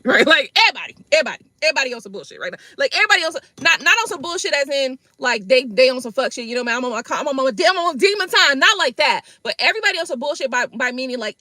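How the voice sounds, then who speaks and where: On a live tarot stream, a woman with a high-pitched voice chats casually with her viewers, animated and profane, laughing frequently. There's no audible room sound.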